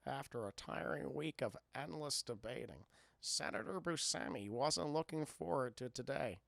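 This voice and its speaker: Man putting on a mumbly old director voice, low and flat, dry close sound. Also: normal speed, gravelly, no room sound. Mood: mock solemn. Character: impression of a famous older male film director reading a story aloud.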